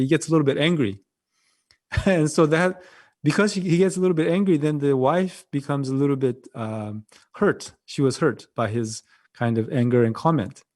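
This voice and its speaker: A man with a Korean accent, a Buddhist monk giving a dharma talk over a video call, gentle and halting, often repeating his phrases. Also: mid-range voice.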